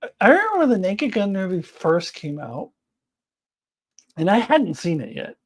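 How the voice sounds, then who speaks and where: Giggly woman with lively pitch. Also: normal speed. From United States. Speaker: live-stream host. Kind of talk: casual live chat, reading comments.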